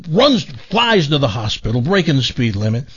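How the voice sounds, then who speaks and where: A man's voice: medium pitch, normal speed, breathy edge. A man hosting a radio show, telling a long joke and acting out the voices of its characters. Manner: animated storyteller, acts out voices. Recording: dull lo-fi radio broadcast.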